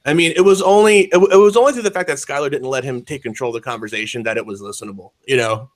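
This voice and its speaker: A man's voice: mid-range voice, fast talker. Rambling, foul-mouthed male podcast co-host. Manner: rambling, swears freely, lots of fillers. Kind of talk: casual chat.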